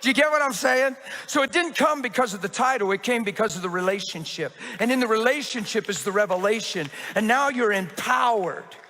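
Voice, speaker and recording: Pastor, male, high bright voice, lively storyteller, long church echo. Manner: animated storytelling, quick restarts. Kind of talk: testimony sermon. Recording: reverberant church hall.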